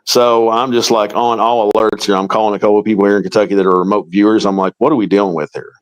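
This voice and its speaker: A man's voice: lowish voice, flat delivery, quick pace, low-quality recording. A middle-aged man, a paranormal investigator, telling a long story in an interview and acting out the quoted dialogue.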